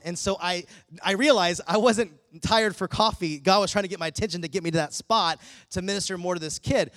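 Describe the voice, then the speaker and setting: A middle-aged male preacher with a notably high voice tells a story from the pulpit, acting out each line of dialogue with lively energy. The sound is dry and close, with no room echo. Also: a little fast. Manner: animated storytelling with acted-out dialogue. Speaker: pastor. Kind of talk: sermon.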